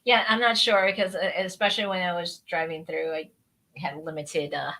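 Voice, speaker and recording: Bright-voiced chatty woman co-host. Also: fairly low pitch, moderate pace. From Philadelphia. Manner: lively, laughing, chatty. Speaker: radio show co-host. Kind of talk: casual chat.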